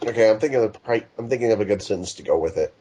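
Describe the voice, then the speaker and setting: A man's voice: on the low side, very fast, mellow, slight background noise. A young man co-hosting a casual podcast, teasing and joking with his friends. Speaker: podcast co-host. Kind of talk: casual chat.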